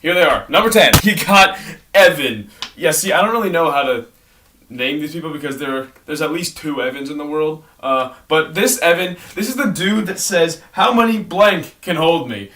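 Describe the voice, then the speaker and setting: A man's voice: on the high side, lively intonation. A man chatting casually in a rambling monologue, full of "like" and restarts as he ranks his favorite creators. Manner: fast, rambling, heavy use of "like", self-corrections. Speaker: vlogger ranking online creators. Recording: distant mic with clear background noise and clicks.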